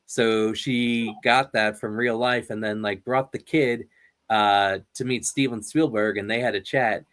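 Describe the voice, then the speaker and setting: A man's voice: fairly low pitch, steady tone, measured pace, fairly bright tone. A man hosting an interview, telling rambling stories in casual chat and laughing often. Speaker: interview host.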